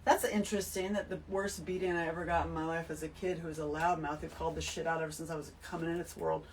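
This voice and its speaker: A woman giving an emphatic, animated spiritual talk to her listeners, full of swearing. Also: low voice, fast talker, recorded from a distance, slight background noise, rough recording. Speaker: host. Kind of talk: spiritual monologue to camera.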